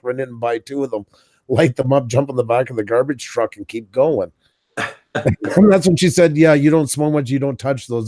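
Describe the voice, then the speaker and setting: A man's voice: mid-range voice, mellow, no room sound, studio quality. A man from Canada telling a long funny anecdote in casual chat, laughing often and acting out what people said. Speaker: podcast co-host.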